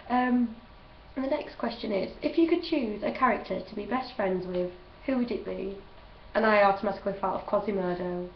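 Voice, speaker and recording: A woman's voice: mid-range voice, normal speed, a little hiss or hum. A young woman vlogging in a chatty, gushing way and laughing often as she answers questions. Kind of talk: casual chat. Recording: roomy, distant, dull home recording.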